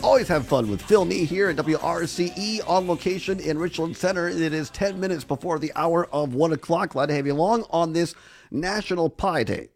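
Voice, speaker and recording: A man's voice: a little high, fairly quick, faint music behind. A middle-aged man hosting a casual local radio call-in show, upbeat and chatty. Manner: upbeat, chatty, repeats phone numbers. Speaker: radio host.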